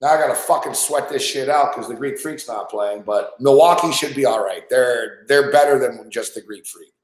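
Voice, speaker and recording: In an echoey room, a medium-pitched man speaking at a moderate pace hosts a sports betting podcast, venting profanely about how his bets went in a casual, frustrated rant.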